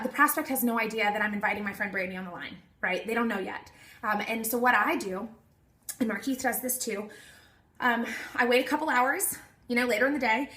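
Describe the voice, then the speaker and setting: A woman's voice: fairly high pitch, brisk, pushed and bright, reverberant. A woman giving a casual how-to talk to her team, chatty and acting out the texts she sends. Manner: chatty, acts out her texts in quoted voices. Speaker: network marketing team leader. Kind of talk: casual instructional video talk.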